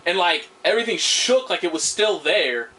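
A young man with a high, bright, sharp voice talks through a video game in a loose, rambling way. He grumbles and swears in frustration. Faint game sound hums behind him. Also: lively intonation, moderate pace, a little hiss or hum. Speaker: gameplay commentator. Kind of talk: casual let's-play commentary.

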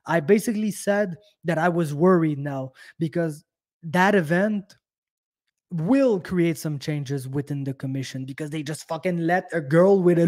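Pissed off young quebec guy ranting, keeps cussing and restarting, voice a bit high. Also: darkish tone. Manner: heated, profane, repetitive restarts. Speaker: podcast host. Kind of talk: angry casual rant.

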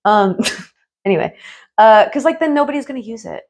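A woman in a casual mukbang chat, eating and rambling in a hushed tone, full of fillers and the odd swear. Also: fairly high pitch, animated, normal speed. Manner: speaks in a hushed tone while eating. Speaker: food vlogger and streamer.

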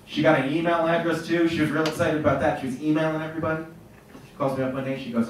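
A man's voice: a little high, rapid-fire, noisy background. A middle-aged man doing stand-up comedy, telling stories in a punchy, profane way. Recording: echoey room, mic from far off.

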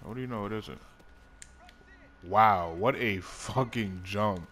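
This gaming YouTuber, a young man, speaks slowly in a lowish, fairly bright voice as he offers profane, casual commentary on a football video game. He frequently erupts at the on-screen action.

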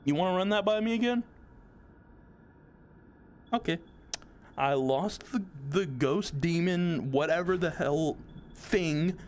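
In a darkish, fairly high voice, a young man takes it slowly and pauses often while nervously commenting on a horror game he's playing. He's jumpy, swearing and pleading with what he sees, and there's a little hiss or hum in the audio.

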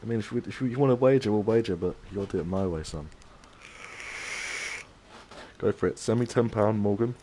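A young male gaming streamer with a lowish voice talks fast over a noisy background while playing a fighting game live. He cockily trash talks his chat and dares viewers to wager.

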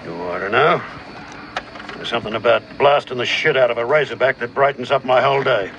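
An actor playing a curt, gruff male boar hunter with an Australian accent, in film audio. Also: medium pitch, brisk, music in the background, lightly acted.

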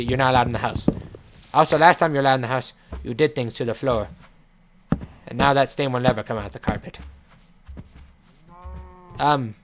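A man's voice: mid-range voice, a little fast, long pauses. Playful man scolding his game pet. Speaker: let's play host. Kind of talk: gameplay commentary. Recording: clear background noise with clicking.

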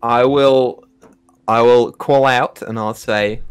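A young man playing a tabletop game, excitable and animated. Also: slow, clear, resonant tone. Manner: excitable, jumps into high squeaky character voice. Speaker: player.

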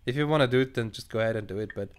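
Male gamer, mid pitch, reads on-screen chat aloud, dry sarcastic asides, faint keyboard in the background. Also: racing, a little hiss or hum. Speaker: let's play gamer. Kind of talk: casual let's play commentary. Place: at home at a computer.

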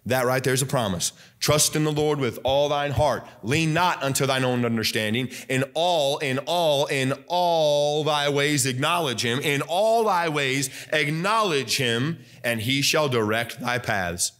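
A young adult pastor delivers a fiery Baptist sermon, loud and emphatic, at an unhurried pace with few pauses. He repeats lines of scripture and swings from soft asides to high, excited preaching.

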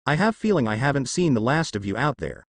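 A man's voice: medium pitch, very animated, fast talker, dry recording, studio quality. A man reading the lines of a brash, cocky teenage boy ninja in a fan fiction story, in nearly his own voice.

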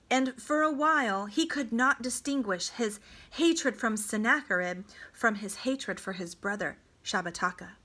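Woman reader for a student audiobook; slow, dramatic, deliberate narration. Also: medium pitch, bright, forceful tone. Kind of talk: reading a novel aloud.

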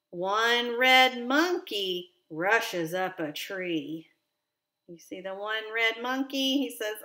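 A woman reads a counting picture book aloud very slowly, animated and expressive, pausing to ask a child gentle questions. Her voice is a little high, and a roomy echo surrounds it.

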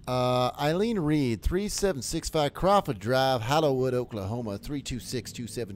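A man's voice: medium pitch, normal speed, few pauses, slight background noise. A man streaming a horror game, chatting casually to viewers, jokey and swearing as he plays. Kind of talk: casual live game commentary.

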